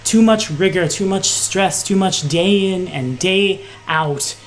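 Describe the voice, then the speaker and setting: A woman voicing a serene, mysterious woman who coaxes and quietly manipulates. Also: fairly low pitch, slow, slight background noise, pitched above the performer's own voice. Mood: persuasive. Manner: soothing, coaxing, then insistent.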